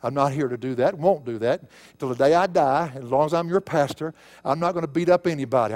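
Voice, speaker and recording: A man's voice: a little high, darkish tone. A man preaching as pastor in a church, folksy and emphatic, building to fervent peaks. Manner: emphatic, folksy preaching with rising bursts of intensity. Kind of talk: sermon. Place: church sanctuary.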